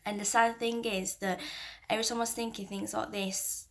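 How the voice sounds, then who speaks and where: A young woman in her twenties, a mother talking candidly to camera, soft-spoken and halting with many restarts, close to tears at times. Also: medium pitch, level tone, gravelly. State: emotional, near tears at times. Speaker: mother and vlogger. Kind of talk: candid personal talk to camera.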